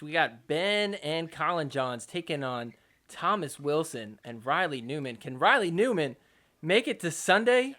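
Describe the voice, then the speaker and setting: Young male sports podcast host; high, bright tone; excitable, joking recap with mock outrage. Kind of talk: casual sports recap commentary.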